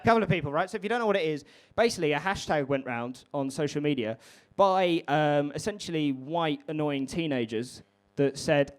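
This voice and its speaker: A man's voice: fairly high pitch, fairly quick, hardly any pauses. A young man doing a brash, sweary stand-up set at a live comedy venue. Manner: brash, sweary, chatty with the crowd.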